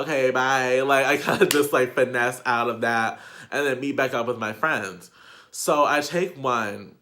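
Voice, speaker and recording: Young guy vlogging a storytime, bright voice, rambly, swears a lot, says like constantly. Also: medium pitch. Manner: chatty, profane, filler-heavy with lots of "like". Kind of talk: casual storytime.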